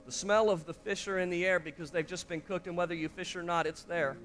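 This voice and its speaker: A man's voice: high-pitched, steady tone, quick pace, a bit bright, faint music behind. A male pastor preaching an impassioned sermon, often calling out to the congregation.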